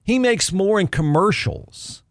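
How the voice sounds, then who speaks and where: A snarky man gives solo sports commentary, talking like he is chatting with listeners and circling back to the same point for emphasis. His voice sits a little high for a man, and the recording is dry and close with no room sound. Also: expressive, a little slow, no echo. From Texas. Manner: snarky, conversational, repeats himself for emphasis. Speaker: podcast host.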